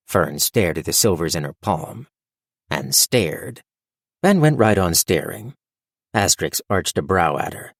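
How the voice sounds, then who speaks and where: A man narrating a fantasy audiobook in a measured, wry storytelling manner on a close mic. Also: low-pitched, expressive, no room sound. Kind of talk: scripted narration.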